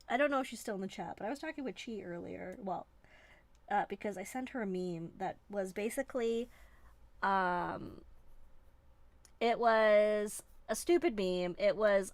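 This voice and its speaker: A woman's voice: mid-range voice, moderate pace, no echo. A woman from Canada hosting a live stream, chatting in a rambling, playful, self-mocking way from a desk indoors. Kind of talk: casual live-stream chat.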